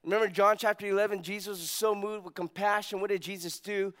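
Pastor, male, high smooth voice; animated sermon delivery with acted-out quotes and quiet emphatic drops. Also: fast talker.

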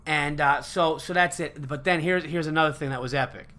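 Animated, profane man with a bright voice. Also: fairly high pitch, brisk. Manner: animated, profane, rambling with fillers. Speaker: podcast host. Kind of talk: casual storytelling chat.

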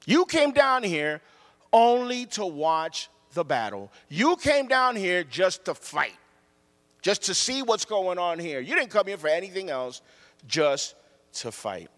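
A furious older brother who talks down to his sibling, as a preacher puts him on. He is slow, emphatic and accusing, and his voice rises high and swings widely. It carries a long reverb, as if in a big hall. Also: big pitch swings, fairly bright tone, exaggerated voice. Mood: scornful. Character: angry scornful older brother, young man.

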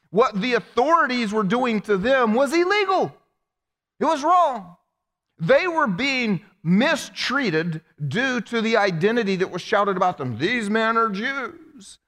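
A high-pitched man preaches, lively and joking as he acts out people's prayers. His voice rings through a church sanctuary with a long reverb tail. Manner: animated, humorous, acts out quoted prayers. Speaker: pastor. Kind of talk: sermon.

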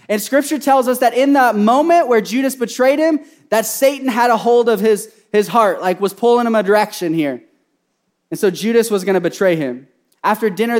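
High-voiced animated male preacher. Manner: animated storytelling, swings between loud and soft. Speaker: pastor. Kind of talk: sermon.

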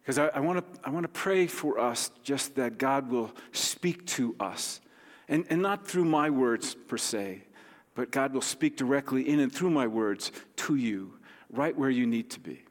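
A man, a pastor, giving a sermon in a gentle, conversational way with light humor. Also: mid-range voice, animated, unhurried. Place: church sanctuary. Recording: long hall reverb.

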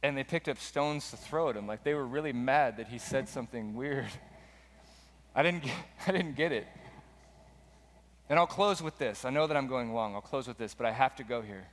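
Male preacher, relaxed conversational delivery, recorded with a long echo in a large church hall. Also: mid-range voice, moderate pace. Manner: casual conversational storytelling. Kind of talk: sermon.

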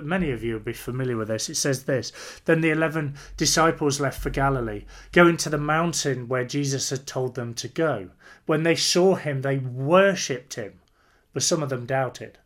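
A man preaching a sermon in an earnest, emphatic way, repeating phrases for weight. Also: on the high side.

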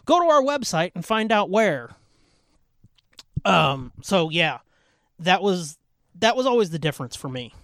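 A man's voice: high-pitched, very animated, unhurried, long pauses, fairly bright tone, no room sound. A man in his thirties hosting a live podcast chat, telling a story in a loose, rambling way and swearing freely. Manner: profane, rambling storytelling with filler words. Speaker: podcast host. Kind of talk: casual live chat on a voice call.

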